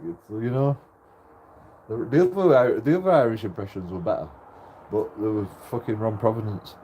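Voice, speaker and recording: A man's voice: lowish voice, moderate pace, warm tone, a little hiss or hum. A man vlogging in casual, rambling chat. He laughs often, swears a lot and restarts his sentences.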